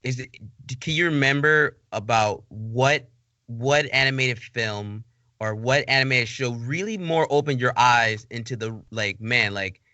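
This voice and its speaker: A man hosts a casual interview with a bright, forceful tone. His questions ramble and restart as he works toward them. The sound is dry and close. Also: medium pitch, a little slow, no echo. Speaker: podcast host.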